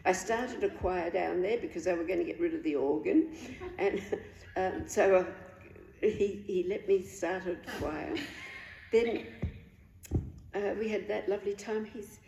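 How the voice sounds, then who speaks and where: Slow, soft-spoken older woman. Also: fairly low pitch, gravelly. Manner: earnest, halting, with restarts and pauses. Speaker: guest sharing a faith testimony. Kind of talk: personal storytelling. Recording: echoey room.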